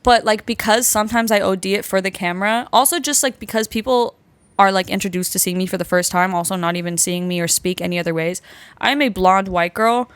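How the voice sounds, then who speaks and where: A woman's voice: medium pitch, a little fast, clean tone, dry recording. A young woman from New York, a podcast guest talking casually and animatedly, filling her speech with "like". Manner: chatty, heavy use of "like", animated. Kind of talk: casual chat.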